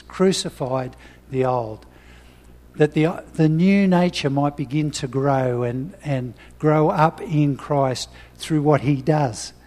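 A man's voice: on the high side, darkish tone, big-room sound. A man preaching a sermon, reading scripture and talking personally in a conversational way with frequent restarts.

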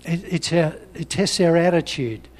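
A man's voice: a little high, moderate pace, long reverb tail. A man preaching a sermon, reading scripture and talking personally in a conversational way with frequent restarts.

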